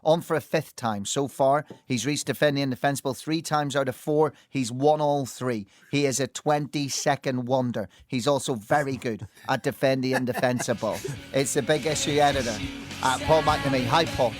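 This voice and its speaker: A man hosting a sports panel show, teasing his guests with quick jokes. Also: mid-range voice, dry recording, studio quality, soft background music. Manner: jokey and teasing, quick asides. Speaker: host. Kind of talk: lively sports panel chat.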